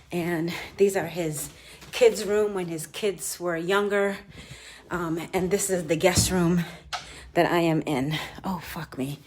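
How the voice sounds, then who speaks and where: A woman's voice: on the low side, a little hiss or hum. A woman in her fifties filming a live tour of a large house on her handheld phone, talking bluntly and profanely to her viewers. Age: 50s. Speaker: vlogger.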